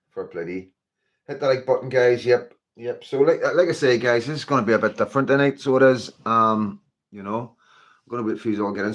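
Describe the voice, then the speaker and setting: A man with a Northern Irish accent hosting a casual livestream, chatting to viewers and greeting them by name in a rambling, filler-heavy way. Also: medium pitch. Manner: chatty, rambling, with frequent fillers like "you know" and "like". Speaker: livestream host.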